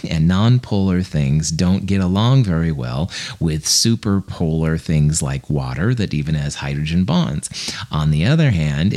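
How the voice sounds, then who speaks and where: A man's voice: sits low, a little mellow. A man teaching chemistry in a recorded lecture screencast, with a casual, chatty manner and some self-deprecating humor. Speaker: college chemistry instructor.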